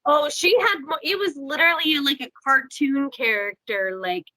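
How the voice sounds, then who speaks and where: A woman's voice: high-pitched, moderate pace, bright, forceful tone, dry recording, rough recording. A woman hosting a podcast, telling stories in a rambling way full of "like". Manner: rambling storytelling with many "like"s. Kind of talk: casual podcast chat.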